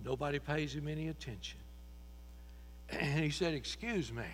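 Impassioned preacher in an echoey church. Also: male voice, on the high side, fairly even intonation, normal speed. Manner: impassioned storytelling with repeated phrases. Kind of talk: sermon. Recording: echoey hall with mains hum.

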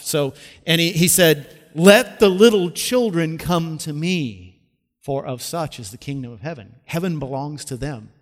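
A pastor preaching a sermon, telling stories and dropping from loud emphasis to hushed, slow lines. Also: male voice, on the high side. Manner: storytelling preacher with wide swings between loud and hushed. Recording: long reverb of a large hall.

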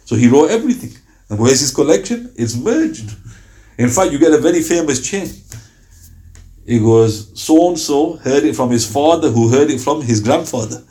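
A man's voice: on the high side, animated, normal speed, mellow. A man giving a religious lecture on early Islamic scholars, telling stories with quoted dialogue. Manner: storytelling with acted-out quotes.

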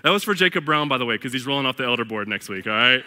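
A man's voice: mid-range voice, animated, rapid-fire, bright, forceful tone, clear, resonant tone. A male pastor preaching a sermon with emphatic, conversational delivery, breaking into slangy, humorous asides and calling the congregation beloved and family. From northern United States. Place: church sanctuary. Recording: long hall reverb.

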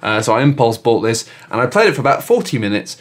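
A man's voice: mid-range voice, very animated, fast. A man co-hosting a comedy podcast, rambling through a story in a self-deprecating way. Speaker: podcast co-host. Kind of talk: casual comedic chat.

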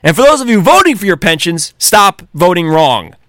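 A man hosting a podcast, delivering an angry, profanity-laden solo rant with heated shouting outbursts. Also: high-pitched, very animated, normal speed, no room sound, clean studio sound. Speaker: podcast host.

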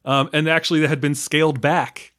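A man's voice: a little high, fairly even intonation, a little fast, fairly bright tone. A man from the United States talking casually about a film, rambling with many fillers, restarts and small laughs. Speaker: film podcast guest.

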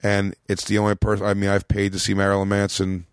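A comedian in his late thirties from Philadelphia talks through a long story, lurching between voices for the people in it. His voice sits a little low, and the recording is dry and close. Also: fast talker, clear, resonant tone, no echo. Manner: rambling, animated storyteller acting out quotes. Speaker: comedian guest. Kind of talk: casual storytelling chat.

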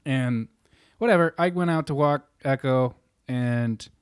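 A man's voice: medium pitch, a little slow, clean tone, no echo, clean studio sound. A young adult man telling a rambling, profane story in casual chat. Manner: rambling, profane, animated retelling.

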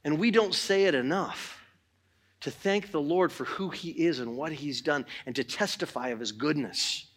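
A middle-aged man preaching a sermon in church, swinging between loud exhortation and quiet talk. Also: fairly high pitch, moderate pace, slightly rough. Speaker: pastor.

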